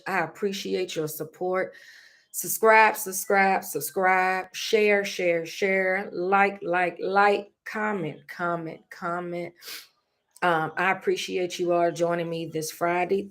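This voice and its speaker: A middle-aged woman, hosting her own show and sharing a personal story in an earnest, prayerful way. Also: on the low side. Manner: earnest, prays aloud, laughs through a funny memory. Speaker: podcast host.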